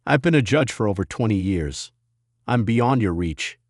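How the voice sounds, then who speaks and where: A man's voice: lowish voice, expressive, normal speed, dry recording, clean studio sound. A man voicing a rattled, arrogant veteran judge who stammers and turns desperate. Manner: stammering, defensive, increasingly desperate.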